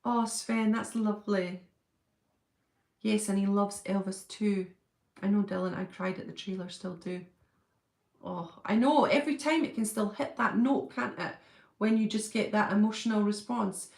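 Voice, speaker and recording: Chatty woman with a gravelly edge. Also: mid-range voice, moderate pace, darkish tone, reverberant. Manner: chatty and effusive, reads out and answers comments. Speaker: livestream host reading viewer comments. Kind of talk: casual chat.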